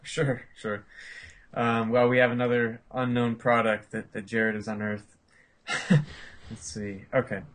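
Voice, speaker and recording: A man's voice: medium pitch, flat delivery, a little slow, pauses often, a bit bright. A man co-hosting a podcast, chatting casually and reading a listener's letter aloud with the odd chuckle. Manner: easygoing, chuckles while reading. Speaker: podcast co-host.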